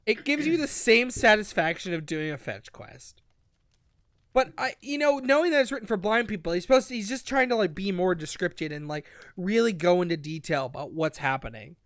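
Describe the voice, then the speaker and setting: As a podcast co-host, a man recaps a book casually and ramblingly, swearing freely and restarting sentences. His voice sits high and is animated, brisk and a bit bright, recorded in studio quality with no echo.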